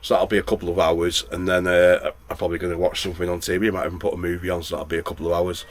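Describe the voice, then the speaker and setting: Deep-voiced man vlogging in his van. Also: flat delivery, rapid-fire. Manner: chatty, keeps addressing viewers as guys. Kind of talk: casual vlog narration while cooking. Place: inside a camper van. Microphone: handheld camera. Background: food frying in a pan.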